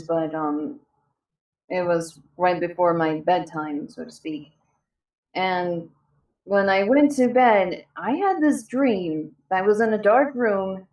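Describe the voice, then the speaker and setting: A young woman telling a personal story casually, halting with many fillers and restarts. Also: medium pitch. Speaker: panel guest. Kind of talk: casual storytelling on a live stream. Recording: echoey distant mic.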